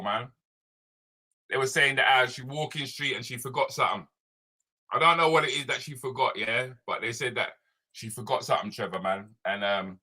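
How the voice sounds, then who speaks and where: A man hosting a live stream as a comedian, chatting loosely and greeting viewers by name. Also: medium pitch. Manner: animated, loose, slangy, talks straight to viewers by name.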